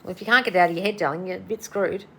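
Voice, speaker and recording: This manifestation coach speaks in a low, breathy, rapid-fire voice while fielding listener questions on a laid-back livestream. Tired and yawning, she stays blunt, swears, and addresses everyone as darling.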